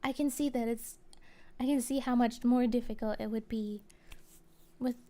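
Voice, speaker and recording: A woman streamer chatting casually and answering viewer comments, rambling and halting with many fillers. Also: a little high, fairly even intonation. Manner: soft and gentle, with small laughs.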